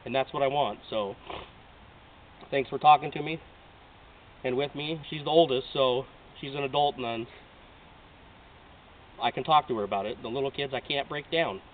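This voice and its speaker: A man's voice: medium pitch, moderate pace, long pauses, distant mic. A man in his late thirties from Oregon, pleading earnestly and emotionally in a heartfelt audition video. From Oregon, United States. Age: 30s. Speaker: reality show applicant. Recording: tinny lo-fi audio from off-mic, faint hiss.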